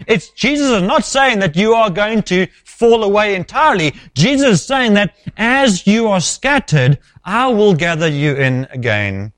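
A man preaching an expository sermon, measured and emphatic, often dropping low at the ends of phrases. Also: very animated, a bit bright, no echo.

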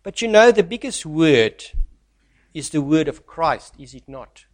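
A man preaching a sermon who reads scripture aloud and swings from loud, stressed lines to soft, near-hushed asides. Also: on the high side, expressive, unhurried.

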